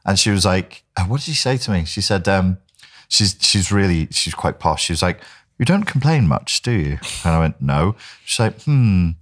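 A man's voice: deep voice, brisk, fairly bright tone. A man hosting a casual podcast chat, telling stories in a self-mocking way and acting out the dialogue. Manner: self-mocking, acts out quoted dialogue in shifting voices. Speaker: podcast host.

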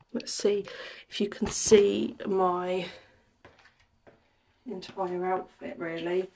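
A woman in her forties talks into her phone camera at home, chatty and easygoing. She shows off a pair of new trainers in a relaxed, friendly vlog. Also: fairly low pitch, slow pace, creaky, long pauses, breathy edge. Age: 40s. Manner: chatty and warm, fond baby-talk to her pet, drops to a whisper at times. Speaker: lifestyle vlogger. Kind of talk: casual vlog chat, reviewing gifted trainers. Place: at home, indoors.

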